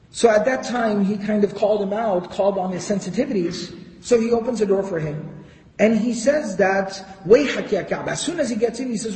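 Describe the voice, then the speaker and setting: A man's voice: high voice, quick pace, darkish tone. A man giving a storytelling lecture, retelling history and quoting passages in Arabic before translating them. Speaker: Islamic lecturer. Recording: echoey hall.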